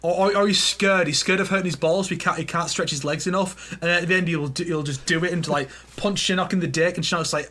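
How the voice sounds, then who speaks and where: Bright-voiced man riffing on movie plots. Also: sits high, fairly even intonation, fast, hardly any pauses. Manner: rambling, acts out silly movie scenes in goofy voices. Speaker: podcast co-host. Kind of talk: casual gaming podcast chat.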